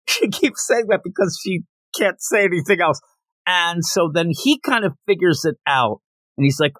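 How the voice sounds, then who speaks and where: A man's voice: high voice, animated, moderate pace, a bit bright, dry recording. A man hosting a casual podcast, recapping a comic chapter in a chatty, slangy way and reading characters' lines aloud. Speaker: podcast host.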